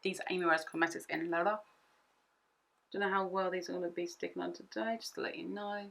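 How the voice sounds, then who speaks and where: A young woman chatting through a makeup tutorial at home, excitable and rambling, often repeating herself. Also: on the low side, brisk, gravelly. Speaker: beauty vlogger.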